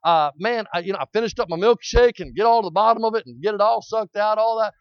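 A man's voice: high-pitched, quick pace, dry recording, lo-fi sound. A middle-aged man preaching a sermon, telling a folksy story with frequent amens and rising to hollering.

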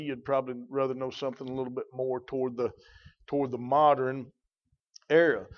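A man preaches in a folksy, rambling way, full of fillers and asides. His voice sits at an ordinary middle pitch. The recording is dull and lo-fi. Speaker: pastor. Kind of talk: sermon.

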